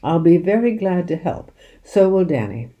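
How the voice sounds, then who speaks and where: A calm, sly country father, read by a woman. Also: lowish voice, normal speed, muffled recording. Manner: soft-spoken, calm, gently sly.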